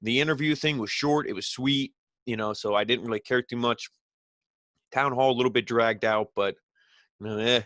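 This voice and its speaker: A man's voice: medium pitch, steady tone, normal speed, fairly bright tone, dry recording. A man casually recapping a wrestling show, rambling with lots of fillers and blunt, opinionated remarks.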